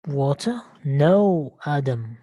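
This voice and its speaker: A woman's voice: deep voice, animated, slow pace, mellow. A woman teaching an English lesson on an online call, speaking patiently and repeating words and questions for her learners.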